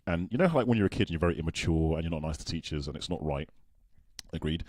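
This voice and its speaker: A man, chatting casually as a podcast host, animated and quick with asides. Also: extremely low pitch, no room sound, studio quality. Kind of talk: casual chat.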